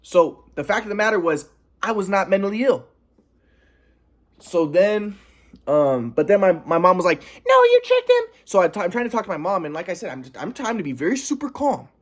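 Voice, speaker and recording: A man's voice: sits high, fairly quick. Earnest young man recounting a grievance. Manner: earnest, aggrieved, insisting on his calm. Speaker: vlogger. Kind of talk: personal storytelling monologue.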